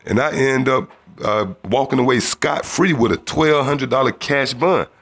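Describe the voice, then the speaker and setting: A man's voice: medium pitch, a little slow, a bit bright, husky. A man telling a religious testimony in a casual storytelling way, acting out the voices of other people. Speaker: testimony speaker.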